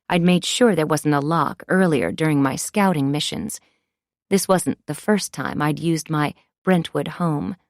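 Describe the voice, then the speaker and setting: Low-voiced woman narrating a thriller. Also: no echo, studio quality. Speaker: audiobook narrator. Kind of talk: scripted first-person narration.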